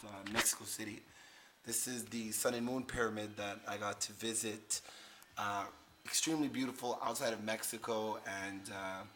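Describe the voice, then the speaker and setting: A man's voice: fairly low pitch, bright, forceful tone, slight background noise. A man hosting a casual vlog, rambling through travel photos and repeating words. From Canada. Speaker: host.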